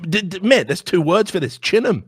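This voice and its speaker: A man co-hosting a casual comedy chat, telling rambling, profane stories and breaking into sudden high-pitched outbursts. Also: animated, fairly quick, husky, dry recording, studio quality. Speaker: podcast co-host.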